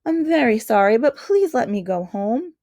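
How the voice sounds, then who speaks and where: A woman's voice: fairly high pitch, very animated, moderate pace, a little mellow, no room sound, clean studio sound. A woman voicing a polite, kind young girl in a storybook reading, eager and sympathetic in manner. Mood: pleading.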